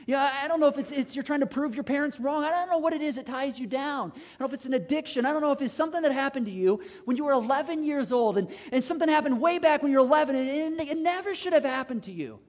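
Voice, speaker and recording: A pastor preaching a sermon with impassioned swings between loud pleading and hushed intensity, driving home points with repeated rhetorical questions. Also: high-pitched, quick pace, few pauses, long reverb tail.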